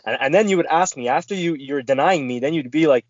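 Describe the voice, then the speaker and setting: A man's voice: fairly high pitch, fast, no echo. A man co-hosting a podcast, chatting casually and laughing, laid-back as he chimes in with his own memories. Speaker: podcast co-host. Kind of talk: casual chat.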